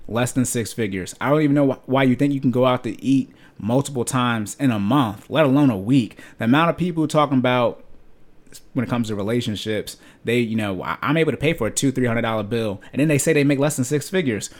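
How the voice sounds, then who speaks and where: A man's voice: mid-range voice, brisk, a little mellow. Blunt young man ranting on a podcast. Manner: emphatic, blunt, lecturing with homespun analogies. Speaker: podcast host. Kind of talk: personal finance podcast rant.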